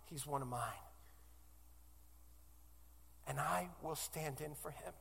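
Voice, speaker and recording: A male preacher voicing a gentle, reassuring Jesus in a soft, lowered tone. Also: slow, gravelly, slightly rough, long reverb tail, full character voice. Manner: soft, low and comforting. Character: gentle reassuring Jesus, adult man, protective.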